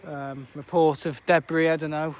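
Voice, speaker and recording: A man's voice: on the high side, level tone, normal speed. A teenage boy livestreaming outdoors at an airport viewing park, chatting casually about the planes, rambling and laughing often. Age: teens. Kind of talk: casual live commentary.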